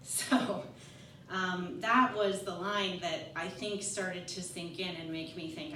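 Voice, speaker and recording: A woman's voice: fairly low pitch, fairly even intonation, slow pace, a bit bright, slight background noise. A woman in her forties telling a personal story on stage, candid and self-mocking with nervous laughs. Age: 40s. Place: live storytelling event venue. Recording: echoey room, voice from far off.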